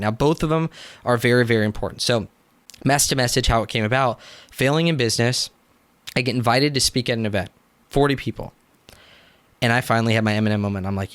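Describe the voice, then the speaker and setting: Young man, business coach, casual interview storytelling, animated, lots of "like", mid pitch, dry close sound. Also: fast talker, long pauses, clean tone, no echo. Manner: animated, acts out quotes, frequent "like" fillers.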